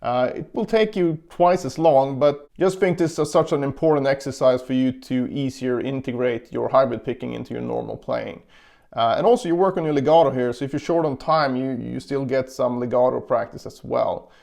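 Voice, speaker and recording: A man's voice: mid-range voice, moderate pace, gravelly, darkish tone. A man giving a casual guitar lesson, explaining picking and counting beats aloud as he demonstrates. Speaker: guitar teacher. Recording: guitar playing in between.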